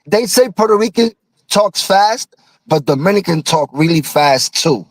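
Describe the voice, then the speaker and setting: A man in casual chat, chiming in with laughs and quick quips. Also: sits high, lively intonation, dry recording.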